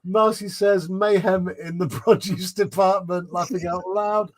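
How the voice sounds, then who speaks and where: Male streamer, loose and giggly, rattling off chat comments, slightly higher pitch. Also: steady tone, a little slow. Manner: reads chat messages aloud with frequent laughs and fillers. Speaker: livestream host reading chat. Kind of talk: casual chat.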